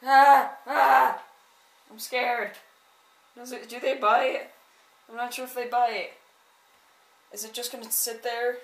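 A woman vlogging with a handheld phone camera on a home staircase, chatting excitedly, swinging from hushed murmurs to loud exclamations. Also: on the high side, unhurried, pauses often. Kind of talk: casual handheld narration. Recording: echoey indoor stairwell.

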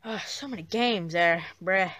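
A woman's voice: on the low side, a little slow, fairly bright tone, no room sound, clean studio sound. A woman doing a drawling slacker dinosaur. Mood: laid-back. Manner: drawling, says bruh constantly. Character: laid-back male dinosaur imaginary friend, slangy. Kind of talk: plush puppet comedy.

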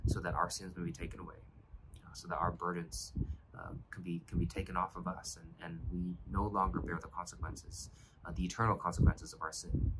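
A man's voice: low-pitched, very noisy. A man pastor giving an earnest, reflective devotional sermon, often restarting his phrases.

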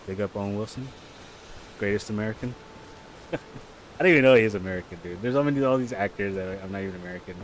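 A man with a fairly low voice chats casually while streaming a game live, rambling from one topic to the next. He breaks into loud, excited reactions to the action. A clear hum of background noise sits under his stream mic. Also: fast talker, long pauses. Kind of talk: casual live gameplay chat.

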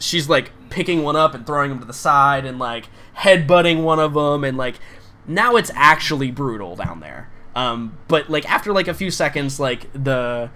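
A man's voice: medium pitch, sharp tone. A man running a tabletop game as game master, narrating in a loose, casual way with many fillers.

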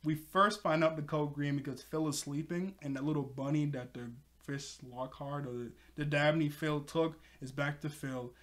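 Excitable man with a higher voice. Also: moderate pace, few pauses. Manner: excitable, laughs often, chatty filler words. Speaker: cartoon episode reviewer. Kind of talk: casual episode recap.

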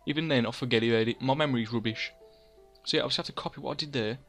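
A man's voice: mid-range voice, rapid-fire, a bit bright, soft background music. A young man, chatting casually over his gameplay, rambling and mocking himself as he scolds himself in the third person. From England. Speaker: gaming channel host.

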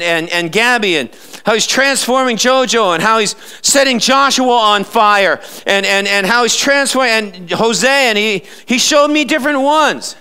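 A man's voice: very high voice, sharp tone, clean tone. A male pastor preaching a live sermon in church, emphatic and fond of sarcastic rhetorical questions.

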